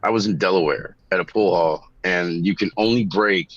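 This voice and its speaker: Man, casual chat, blunt, swearing, animated, dull lo-fi mic. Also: deep voice, brisk, no room sound.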